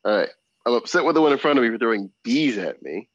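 A man's voice: mid-range voice, sing-song, quick pace, fairly bright tone, no echo. Chill guy player, rambling, muffled dry mic. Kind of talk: casual tabletop play. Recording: dull, dry sound.

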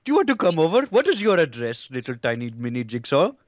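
A man's voice: medium pitch, sing-song, fast talker, no echo, muffled recording, natural voice. A man playing a naive, overly polite talk show host with a put-on Indian accent, speaking in stiff, formal phrasing in improvised comedy. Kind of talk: improvised comedy role-play.

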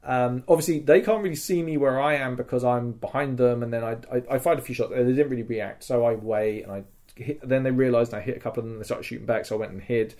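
Guy on a podcast, super animated storytelling, swears a lot, does the sound effects himself. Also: mid-range voice, fast talker. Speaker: podcast host. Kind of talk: casual storytelling.

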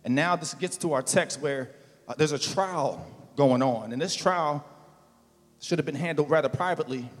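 A male pastor preaching a sermon in a casual, slangy way, building to loud, emphatic calls. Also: on the high side, normal speed, big-room sound.

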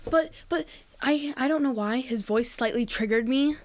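A young woman with a slightly high voice, chatting casually on a podcast. She rambles, stacks up "like" and "um", and drops a "bro" now and then. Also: normal speed, a little mellow. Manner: rambling, filler-heavy, says "bro" and "like". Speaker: podcast co-host. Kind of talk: casual chat.

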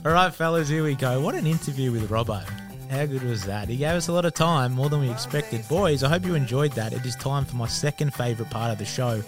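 A man's voice: mid-range voice, quick pace. Australian man, young adult, podcast host, upbeat and matey, faint music behind. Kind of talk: casual interview chat.

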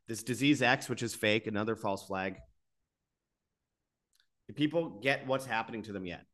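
A man's voice: mid-range voice, moderate pace, a bit bright. A man hosting his own channel, delivering an exasperated, repetitive monologue that keeps rising into bursts before he reads sponsor spots. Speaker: host of an alternative media channel.

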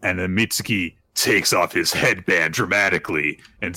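Speaking at normal speed with hardly any pauses, a low-pitched man with a breathy edge walks through a manga chapter on a casual podcast; there's no echo. He voices the characters' quotes in animated fashion and fills gaps with lots of "uh"s.

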